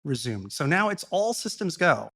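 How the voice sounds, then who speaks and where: A man speaking as a podcast guest, explaining a topic in a long, measured and earnest monologue with the odd blunt aside. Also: fairly high pitch, very animated, vocal fry, pushed and bright.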